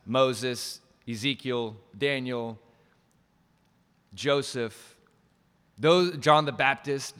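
Guy preaching a sermon, mid pitch, stresses words hard, long echo like a big church hall. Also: bright, forceful tone. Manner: emphatic, rises to stress phrases, restarts mid-sentence. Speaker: pastor.

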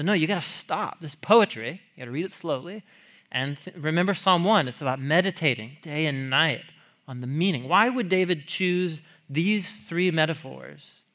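A man's voice: a little high, sharp tone. A man teaching a sermon on a psalm in a chatty, questioning way, laughing often and asking the audience questions. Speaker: pastor.

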